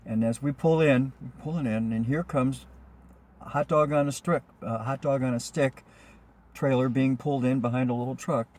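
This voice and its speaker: A rideshare driver tells a casual personal anecdote, rambling and chatty, full of ums and restarts. His voice is medium in pitch and a bit dark, with a steady tone and moderate pace.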